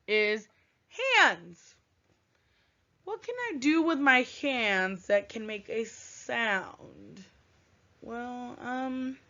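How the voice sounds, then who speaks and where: A woman teaching a writing lesson to young children, thinking aloud with long hums in a gentle, encouraging way. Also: high voice, a little hiss or hum. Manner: gentle, encouraging, sing-song classroom delivery. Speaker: first grade teacher. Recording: dull lo-fi recording.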